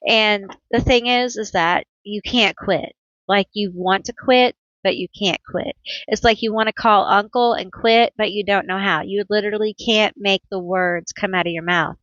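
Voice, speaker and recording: A woman's voice: medium pitch, fairly bright tone, no room sound, lo-fi sound. A woman reading tarot cards for her viewers, talking to them directly with empathy. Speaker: tarot reader. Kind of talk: pick-a-card tarot reading.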